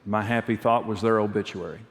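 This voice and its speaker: A man's voice: on the low side, steady tone, a little fast, slight background noise. Earnest male preacher, long hall reverb. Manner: earnest storytelling, repeats key phrases. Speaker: pastor and marriage speaker. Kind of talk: conversational sermon with personal stories.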